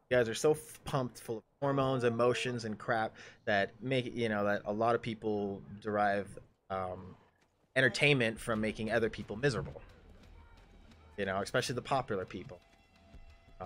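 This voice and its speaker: While streaming a game, a young man chats casually, telling rambling, profane stories and restarting often. His voice sits on the low side with a slightly bright quality.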